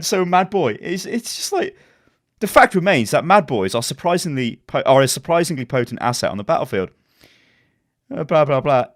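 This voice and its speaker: A man's voice: a little high, sing-song, normal speed, no echo, clean studio sound. A man co-hosting a casual gaming podcast, talking animatedly and laughing often. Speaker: podcast co-host.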